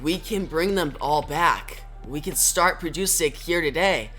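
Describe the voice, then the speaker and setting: A man's voice: on the high side, a little slow, sharp tone, soft background music. A man voicing an analytical male cyborg hero who explains the findings in a matter-of-fact way in a comic reading. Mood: explaining.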